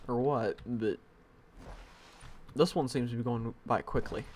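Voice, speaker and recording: A man streams a game live from home on a headset mic, thinking aloud in rambling, self-deprecating commentary. His voice is medium-pitched, with a little hiss or hum.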